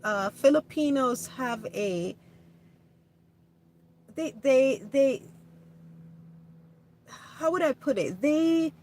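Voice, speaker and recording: Casting: woman, livestream host, gentle and slow-paced, slightly high voice, faint noise behind. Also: expressive. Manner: gentle, warm-hearted, hesitant with restarts. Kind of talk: casual livestream chat reading comments.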